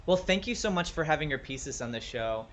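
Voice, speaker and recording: A man's voice: fairly high pitch, animated, a little fast, a bit bright. A man hosting a show, chatting casually with many fillers. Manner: laid-back, many fillers like 'like' and 'you know'. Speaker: podcast host. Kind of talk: casual interview chat.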